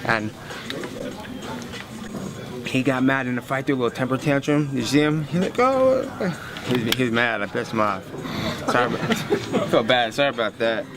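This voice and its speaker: A man's voice: mid-range voice, normal speed, pauses often, a crowd in the background. A man, a professional fighter, talking bluntly and cockily in a post-fight interview. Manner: cocky, blunt, slangy.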